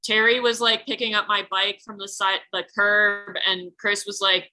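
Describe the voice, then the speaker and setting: A woman's voice: mid-range voice, flat delivery, normal speed, sharp tone, low-quality recording. A woman telling a personal story in casual chat, rambling with lots of fillers and frequent swearing. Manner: rambling, heavy use of "like", swears freely.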